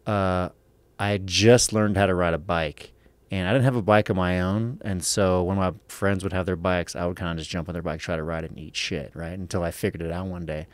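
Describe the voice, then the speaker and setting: A man's voice: low voice, fairly even intonation, fairly quick, no echo. A man from Los Angeles, a podcast guest, telling stories casually with lots of cursing and a rambling "right?" habit. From Los Angeles, USA. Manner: profane, rambling with frequent "right?". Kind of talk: casual storytelling.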